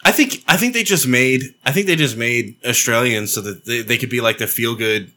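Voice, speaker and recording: Bright-voiced man in joking banter. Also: medium pitch, moderate pace. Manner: joking, profane, mock-serious. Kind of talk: casual podcast banter.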